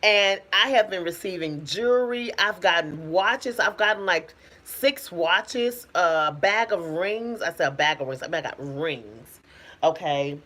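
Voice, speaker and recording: Preachy, emphatic woman with low voice. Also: a little slow. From United States. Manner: preachy, emphatic, animated exclamations; colloquial, laughs often. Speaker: spiritual healer and sexologist. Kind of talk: casual motivational talk to camera.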